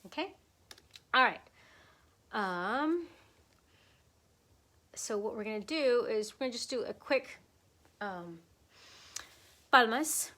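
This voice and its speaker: A woman's voice: a little high, expressive, slow, pauses often, pushed and bright. Brief: a woman, flamenco teacher on a live stream, chatty, encouraging, loose with fillers.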